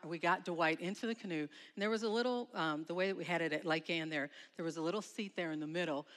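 A middle-aged woman speaking at a school chapel, telling her story to students dramatically and acting out her shouts. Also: fairly low pitch. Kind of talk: emotional testimony to students. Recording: long hall reverb.

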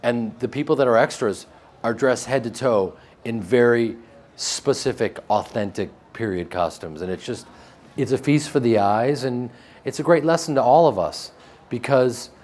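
A man with a flat Midwestern American accent, interviewed about his acting work, joking and self-deprecating with frequent restarts. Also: mid-range voice, moderate pace. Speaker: actor interviewed. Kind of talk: casual interview chat.

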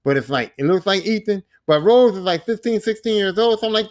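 A man hosting a podcast, retelling a video game's story in an animated, profane way and acting out the characters' lines. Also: high voice, a little fast, few pauses. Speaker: podcast host. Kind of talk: casual game recap monologue.

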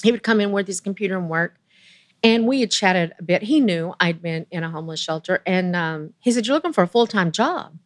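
Animated Southern woman in her sixties. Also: a little fast, no echo, studio quality. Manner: chatty, animated, voice rising high when excited. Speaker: interview guest. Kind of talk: personal storytelling.

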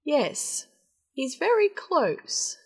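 A woman's voice: medium pitch, a little slow. A woman voicing a sly young princess. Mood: coy. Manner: calm, with a secret smile. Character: clever young princess, sly and self-assured.

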